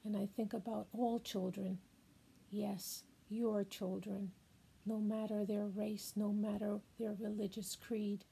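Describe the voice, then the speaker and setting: A woman's voice: mid-range voice, little pitch movement, creaky, mellow, husky, low-quality recording. An older woman speaking as a grandmother in an emotional spoken-word monologue, repeating lines and dropping at times to a whisper. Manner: slow, emotional, repetitive, drops to whispers. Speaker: grandmother sharing a message.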